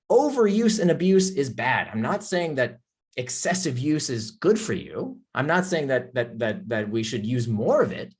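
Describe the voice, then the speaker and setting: A man giving an impassioned talk on a video call, with emphatic rhetorical questions, then calmly answering audience questions from the chat. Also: a little high, slightly rough. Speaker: author and speaker.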